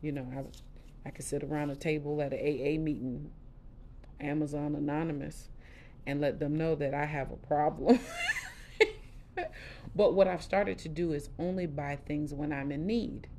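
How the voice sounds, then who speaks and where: A middle-aged woman hosting a podcast, telling her personal story candidly in a casual, expressive way with lively quoted asides. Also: deep voice, moderate pace, a little hiss or hum. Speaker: podcast host.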